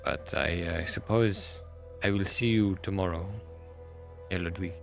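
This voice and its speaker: A man's voice: deep voice, steady tone, unhurried, gravelly, soft background music. A man voicing a formal, hesitant young German intellectual in his late twenties, with a put-on German accent. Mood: reserved.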